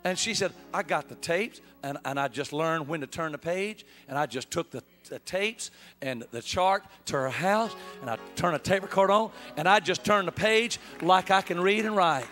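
A man's voice: high-pitched, normal speed, hardly any pauses, a bit bright, faint music behind. An older man, a bishop, preaching a sermon in a folksy storytelling manner. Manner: folksy storyteller, acts out dialogue. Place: church sanctuary.

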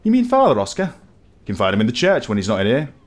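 A man voicing a chatty village barkeep in a game, with a brisk, folksy way of talking. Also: mid-range voice, wildly swooping pitch.

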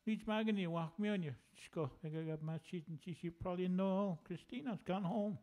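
A man's voice: high-pitched, fairly quick, a little mellow. A man serving as pastor who leads prayer during a sermon, earnest and prayerful.

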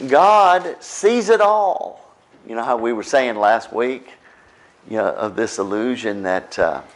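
A middle-aged man with a drawl delivers a sermon in an easygoing, conversational way. His pitch rises and falls with lively expression while he keeps an unhurried pace. He often tosses a quick "right?" to his congregation. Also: vocal fry. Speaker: pastor.

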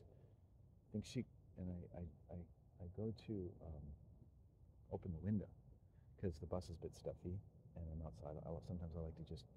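Low, dark-voiced man rambling with restarts. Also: slight background noise. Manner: meandering, halting, frequent restarts and chuckles. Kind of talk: rambling monologue.

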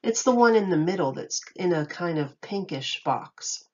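A woman's voice: lowish voice, animated, moderate pace, highs cut off. A woman teacher reading a picture book aloud to children, patiently asking them questions and praising their answers.

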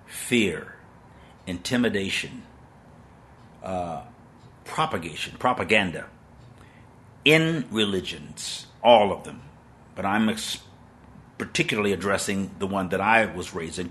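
A man in his sixties preaches on a live stream in an emphatic, dramatic way. His voice sits fairly low and pushes hard with a bright, forceful edge. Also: animated, measured pace, long pauses. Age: 60s.

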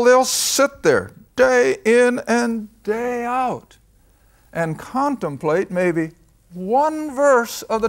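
An older man teaching a folksy Bible lesson, emphatic, asking questions and answering them himself. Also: sits high. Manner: emphatic, asks and answers his own questions.

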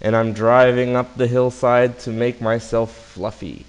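A man voicing a nervous male marmoset, the middle of three brothers, pleading in a high voice. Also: little pitch movement, unhurried, clean tone, lightly acted, poor audio.

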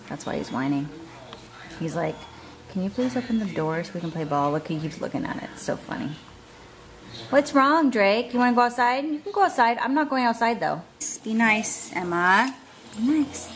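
A woman's voice: fairly high pitch, fairly bright tone. A young adult woman chatting casually in a home vlog, laughing often and coaxing her pets. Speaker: vlogger.

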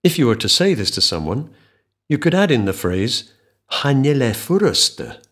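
A man teaching a scripted podcast language lesson, speaking clearly and slowing right down to model phrases. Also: medium pitch, very animated, a bit bright.

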